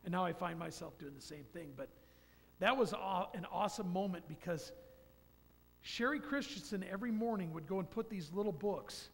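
A man's voice: sits high, creaky. A man in his fifties giving a folksy, rambling personal testimony in church. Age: 50s. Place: church sanctuary. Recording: long church hall reverb.

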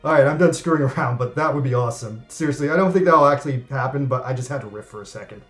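Male anime reviewer, comedic, excitable, rambling, faint music behind. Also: mid-range voice, quick pace. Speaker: anime reviewer and channel host. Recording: echoey room with faint music.

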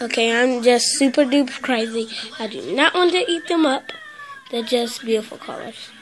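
A woman hosting a casual unboxing video, chatty and excitable, stopping often to correct herself. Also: on the high side, normal speed, faint music behind, low-quality recording. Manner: chatty, excitable, stop-start with many self-corrections. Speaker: video host.

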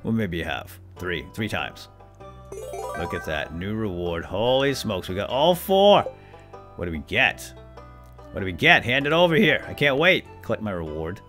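A man's voice: deep voice, big pitch swings, normal speed, sharp tone, faint music behind. A man hosting a let's play, giving casual, jokey gameplay commentary and talking to the game characters.

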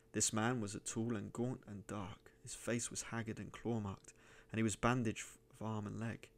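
Gravelly man reading a dark tale. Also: fairly low pitch. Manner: measured, rising to loud declaiming. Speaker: reader and gaming channel host. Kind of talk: dramatic story reading.

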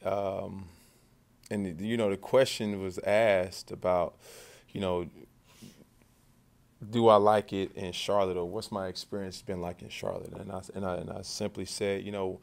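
Deep-voiced man at a press conference. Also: level tone, measured pace, vocal fry. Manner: loose and conversational, with many repeated words and restarts. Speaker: football quarterback. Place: media session after practice.

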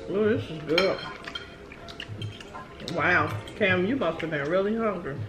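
A woman's voice: fairly low pitch, unhurried. A middle-aged woman chatting casually over a meal, playful and motherly, teasing her son. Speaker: guest, mother of the host. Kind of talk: casual mukbang chat. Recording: echoey room, music behind.

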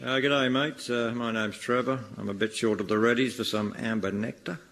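An over-the-top Australian tourist, played by a man in a radio comedy sketch. He drawls in a broad Australian accent and stuffs every sentence with slang. The voice sits at an ordinary middle pitch, with a faint hiss behind it. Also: fairly even intonation, normal speed, vocal fry, a bit bright. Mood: comic. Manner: slang-heavy, drawling, hesitant.

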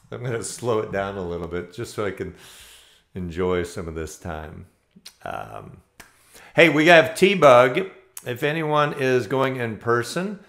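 A man hosting an online ukulele play-along, introducing players in a relaxed way with plenty of ums and uhs. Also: fairly low pitch. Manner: easygoing, many ums and uhs. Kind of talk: casual spoken introductions. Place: home, online video meetup.

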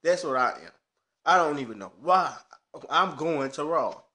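A man's voice: on the high side, expressive, unhurried, sharp tone. A man ranting casually to camera with frustration, swearing heatedly about wrestling. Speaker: wrestling fan vlogger. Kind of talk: casual rant.

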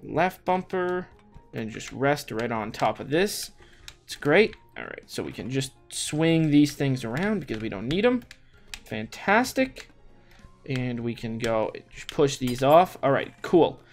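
A man narrates his own gameplay, muttering to himself in a mid-pitched voice. He stumbles, repeats himself and breaks into sudden exclamations, while faint music plays underneath. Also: sing-song, unhurried. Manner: talks to himself with frequent restarts and exclamations. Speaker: gaming YouTuber. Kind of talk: let's play commentary. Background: faint background music.

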